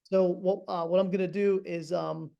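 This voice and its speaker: Casting note: man with a high voice, podcast host on a video call, halting and full of fillers. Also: level tone, gravelly, dull audio. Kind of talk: casual interview over video call.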